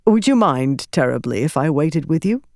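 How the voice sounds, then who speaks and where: A woman voicing a friendly, cultured young male priest with a faint Herdazian accent, gently joking. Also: low voice, big pitch swings, normal speed, no echo, clean studio sound. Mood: polite.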